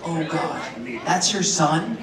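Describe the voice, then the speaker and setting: A woman doing a crude, mocking stand-up set and working the crowd from a club stage. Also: on the low side. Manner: brash, crude, mocking, quick asides to the crowd. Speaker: stand-up comedian. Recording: roomy club sound from a distance with loud crowd.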